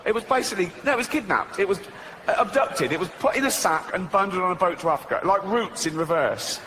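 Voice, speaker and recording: A male comedian on stage, talking with dry, deadpan mockery in a fairly high, lively voice. His voice carries the long reverb of a large hall, with a faint murmur of audience behind it. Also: quick pace, background noise. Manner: dry, mocking, deadpan asides. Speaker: stand-up comedian and awards host. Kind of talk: stand-up comedy.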